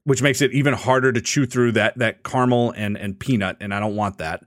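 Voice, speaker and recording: A man's voice: mid-range voice, fairly quick, fairly bright tone, no room sound, clean studio sound. A man hosting a podcast in casual chat, joking and teasing his co-host.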